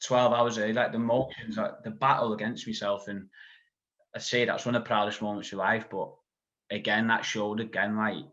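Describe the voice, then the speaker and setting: A man's voice: on the low side, flat delivery, a little fast, a bit bright. A man, a podcast guest telling a long story in casual chat, full of "like" and asides. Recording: dull lo-fi sound.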